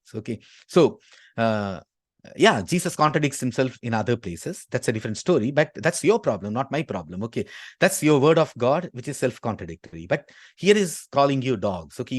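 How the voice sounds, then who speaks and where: A man delivers a forceful argumentative lecture, punctuating his points with a steady "okay." His voice sits at an ordinary middle pitch. The recording is dry and close, with no room sound. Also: dry recording. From Tamil Nadu, India. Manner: emphatic, constantly inserts "okay". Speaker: speaker at a talk.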